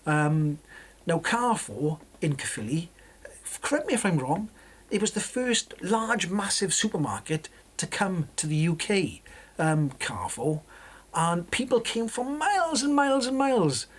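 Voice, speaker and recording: Husky rambling vlogger in their sixties. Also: medium pitch, sing-song, a little slow. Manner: chatty and meandering, restarts sentences. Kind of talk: casual rambling commentary.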